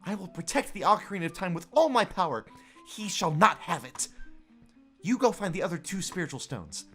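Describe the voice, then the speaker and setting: A woman's voice: on the low side, sing-song, brisk, a bit bright, faint music behind, pitched above the performer's own voice. A woman reading as an earnest young princess.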